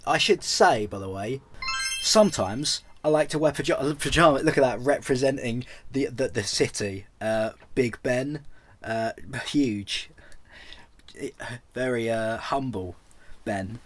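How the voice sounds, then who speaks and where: A man's voice: medium pitch, a little slow. A young British man telling a comic travel story as a vlogger, rambling and self-deprecating, with many false starts.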